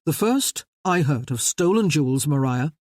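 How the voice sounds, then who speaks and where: A reader voicing a reserved nobleman who speaks in a measured, earnest way. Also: medium pitch, expressive, darkish tone, dry recording, studio quality, lightly acted.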